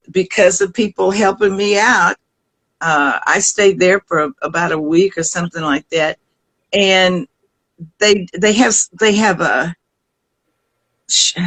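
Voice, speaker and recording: An older woman with a Southern US accent, a guest singer telling stories in an interview, lively and often laughing, with restarts. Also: on the low side, poor audio. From American South. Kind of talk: storytelling in a conversation.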